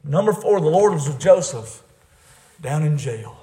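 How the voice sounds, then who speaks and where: A man preaching a sermon, fervent, rising to shouts and dropping to hushed asides. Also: fairly high pitch, expressive, moderate pace, echoey room.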